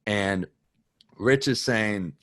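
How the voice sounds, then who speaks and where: A man's voice: lowish voice, extremely slow, a bit bright. A man as a guest on a podcast, chatting casually in a loose, rambling way with plenty of swearing. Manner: rambling, loose and profane, full of "like". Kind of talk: casual chat.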